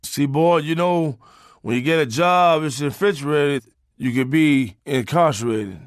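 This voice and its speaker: Man playing a pompous old grandpa, slow and self-important, very dry sound. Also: fairly high pitch, no room sound, natural voice. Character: pompous old grandfather misusing big words.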